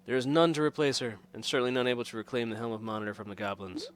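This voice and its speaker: A solemn medieval city lord, grieving and formal, declaiming archaic lines in an exaggerated mock French accent, as a man reads him aloud. The voice sits a little above an ordinary male pitch, and game music plays underneath. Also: steady tone, rapid-fire, lightly acted. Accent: put-on French. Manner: declaiming read-aloud dialogue.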